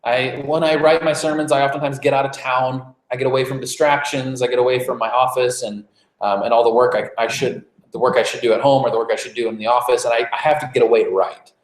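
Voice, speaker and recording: A man's voice: medium pitch, fairly even intonation, quick pace. A man delivering a conversational sermon as pastor, informal, with frequent fillers and restarts. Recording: roomy, echoey church room.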